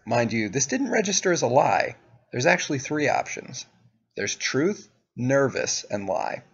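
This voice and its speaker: Gravelly, profane young man vlogging. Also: mid-range voice, very animated, unhurried, lo-fi sound. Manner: profane, sardonic. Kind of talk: casual storytelling monologue.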